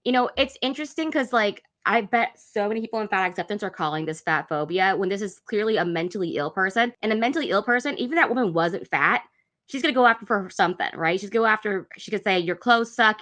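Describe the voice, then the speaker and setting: A woman's voice: mid-range voice, animated, fast talker, fairly bright tone. A woman hosting a reaction video, giving blunt, sarcastic commentary on clips.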